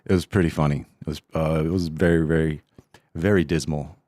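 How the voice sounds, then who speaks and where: A man's voice: a bass voice, fairly even intonation, brisk, over loud music. A man hosting a solo podcast, chatting in a rambling, laid-back, self-deprecating way. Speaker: podcast host. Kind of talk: casual solo podcast chat.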